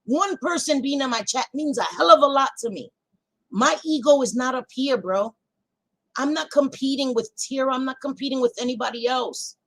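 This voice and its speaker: A woman hosting a livestream, ranting to her chat in a heated, profane casual way that swings between loud outbursts and quieter stretches. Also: sits high, normal speed, low-quality recording. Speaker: livestream host.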